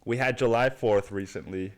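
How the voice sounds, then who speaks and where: A man's voice: mid-range voice, normal speed. A young man with the sniffles hosting his podcast in a rambling, profane, slangy monologue. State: sniffly with a cold. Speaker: podcast host.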